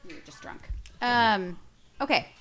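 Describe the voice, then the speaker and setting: A woman's voice: a little high, measured pace, a bit bright, faint music behind. A woman in her thirties co-hosting a podcast, chatting casually and bantering with a joking manner. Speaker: podcast co-host. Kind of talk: casual chat.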